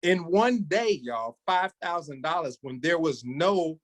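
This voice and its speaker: A man's voice: fairly high pitch, lively intonation, unhurried, rough recording. A man leading a sales training, coaching his team with energy and calling on listeners by name.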